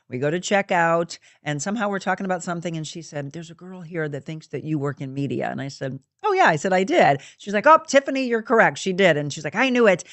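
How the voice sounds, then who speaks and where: A woman hosting a faith-based talk show, telling a story with animated, acted-out dialogue. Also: low-pitched, no echo. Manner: animated, acts out quoted dialogue. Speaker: show host.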